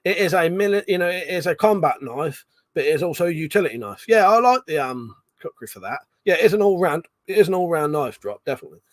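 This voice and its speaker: A man's voice: on the high side, lively intonation, fast, few pauses, no echo, studio quality. Tipsy, swearing British man on a livestream. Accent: British English. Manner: swears casually, laughs often, reads chat comments aloud. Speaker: livestream host. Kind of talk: casual drunk livestream chat.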